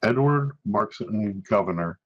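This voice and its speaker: A man's voice: on the low side, expressive, lo-fi sound. A man doing a priest with a shifting accent. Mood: calm. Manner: accent keeps switching, slow and patient. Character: adult male village priest, calm, devout.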